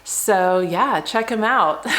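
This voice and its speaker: A woman's voice: medium pitch, slow. A woman handbag vlogger doing an unboxing vlog, gushing and effusive, with lots of ums. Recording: roomy echo.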